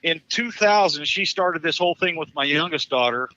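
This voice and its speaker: Fifties male caller, high and bright, profane, animated storyteller with restarts, muffled lo-fi line. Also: moderate pace, no echo. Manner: profane, animated, stumbling restarts, laughs at his own story. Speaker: caller telling his divorce story. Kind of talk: casual storytelling on a live talk show.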